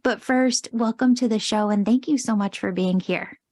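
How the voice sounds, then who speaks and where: A woman's voice: mid-range voice, moderate pace, a little mellow, no echo, studio quality. A woman hosting a podcast interview, upbeat and enthusiastic in her questions. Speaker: podcast host.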